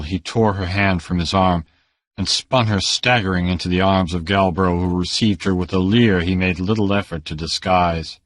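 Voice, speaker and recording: A man narrating a pulp adventure audiobook in a measured, dramatic storytelling manner. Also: low voice, steady tone, a bit bright, dry recording, studio quality. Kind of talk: scripted narration.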